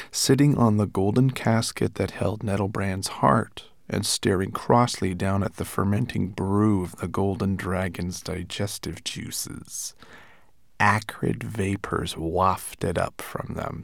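A man narrating a children's fantasy audiobook with an expressive reading. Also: low-pitched, slow, creaky, no echo, studio quality. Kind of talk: scripted storybook narration.

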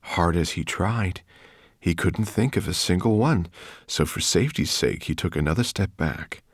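A man reading a storybook aloud with measured, expressive storytelling. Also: low voice, slightly rough, dry recording, clean studio sound. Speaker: narrator. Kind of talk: audiobook narration.

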